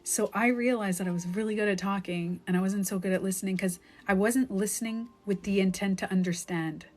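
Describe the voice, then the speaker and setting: A woman's voice: medium pitch, steady tone, a little fast, darkish tone. A woman life coach talks into her phone during a live stream. She tells her story candidly and emotionally, peppering it with "like." Faint music plays behind her.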